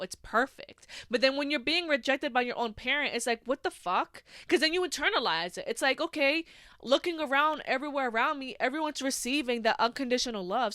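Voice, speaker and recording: This solo podcast host, a woman in her twenties, speaks frankly in a candid monologue, swearing heavily and filling her talk with "like." Her slightly high voice sounds pushed and bright, recorded with studio quality and no room sound.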